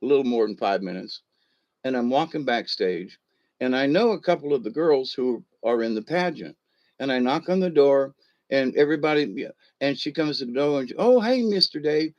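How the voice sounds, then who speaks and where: A man's voice: mid-range voice, fairly quick, darkish tone, dull audio. A man, chuckling as he tells a rambling personal story full of ums and uhs. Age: 60s. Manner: rambling, chuckling, with many fillers.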